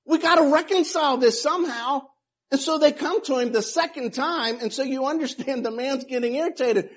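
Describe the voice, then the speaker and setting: A pastor with a high voice delivers a sermon, building emphatic declarations and then dropping into relaxed, conversational asides. The sound is slightly dull and lo-fi. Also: male voice, brisk.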